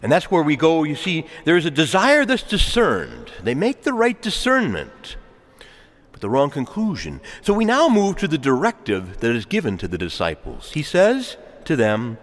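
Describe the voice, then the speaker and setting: Man preaching in a large church hall, very expressive pitch, hushed to loud calls, reverb trailing. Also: normal speed. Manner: dramatic swings between hushed and loud calls, asks congregation to respond. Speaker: pastor. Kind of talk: sermon.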